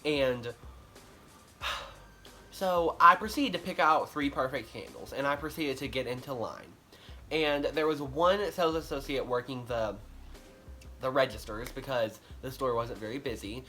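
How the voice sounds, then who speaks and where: A man tells a personal storytime vlog in an animated, rambling way. His pitch sits in an ordinary middle range. He stacks up likes and ums, and faint music plays under his voice. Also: a little slow. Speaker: vlogger. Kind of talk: casual storytime monologue.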